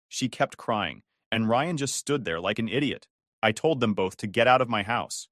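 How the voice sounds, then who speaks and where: A man's voice: mid-range voice, lively intonation, moderate pace, a bit bright, no echo, clean studio sound. A man narrating a dramatic first-person story in an indignant, emphatic way.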